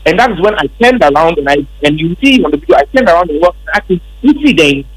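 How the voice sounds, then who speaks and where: A man's voice: on the high side, animated, racing, slightly rough, poor audio. A man with a Ghanaian accent, a member of parliament, emphatically recounting events in an interview. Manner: emphatic, repetitive storytelling.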